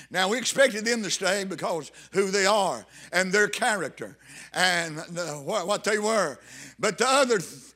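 A man's voice: sits high, animated, normal speed, sharp tone. A man preaching a sermon, fervent and emphatic, repeating phrases for weight. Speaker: pastor.

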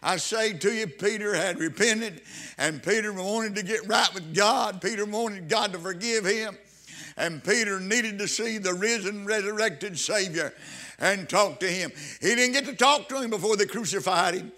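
A man's voice: sits high, moderate pace, pushed and bright. A man preaching a fervent sermon, repeating phrases and calling out hallelujahs.

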